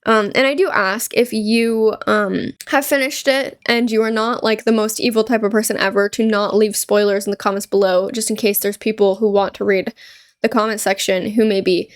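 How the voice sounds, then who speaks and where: A woman's voice: mid-range voice, normal speed. A young woman chatting casually over a gameplay video, rambling through stories with lots of fillers and laughter. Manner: rambling, animated storytelling with frequent "like" and laughs. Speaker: gaming YouTuber; store cashier.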